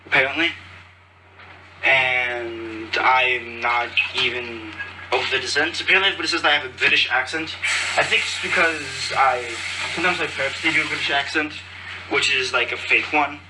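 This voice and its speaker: The clip is very noisy and recorded at a distance on a phone, with loud clanking of pots, dishes and cutlery. Over it, a cheerful man hosting a podcast rambles and loses track of his thoughts, speaking at normal speed with a steady, medium-pitched voice.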